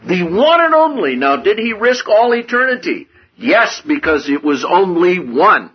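A man preaching a sermon with a husky voice, swinging from hushed low passages to loud, high-pitched outbursts. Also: very animated, unhurried, muffled recording.

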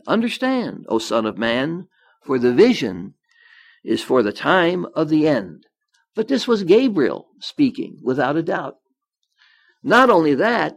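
A man giving a Bible study sermon, reading scripture aloud and then explaining it in his own words, with some restarts. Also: sits high. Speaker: Bible teacher.

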